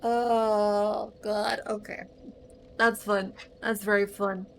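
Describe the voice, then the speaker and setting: A woman's voice: mid-range voice, fairly even intonation, unhurried, slight background noise. Chatty woman streaming a game. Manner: chatty, reactive, stammers and repeats words. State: slightly strained voice. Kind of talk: casual live gameplay commentary.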